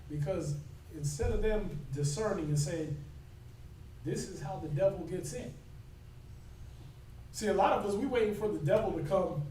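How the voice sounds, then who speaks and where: A man's voice: sits high, darkish tone, slight background noise. A man teaching a scripture class in an informal sermon style, talking conversationally and often checking in with "right?". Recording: echoey room recorded from far off.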